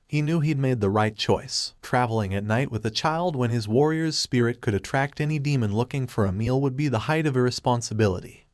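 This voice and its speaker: A man reading scripted fan fiction aloud as narrator, in a steady, even manner. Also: mid-range voice, dry recording, clean studio sound.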